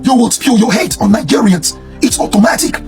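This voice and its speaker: A man with a hoarse, worn voice, ranting in a repetitive, preachy reaction commentary. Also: high voice, brisk, music in the background. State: hoarse, lost voice.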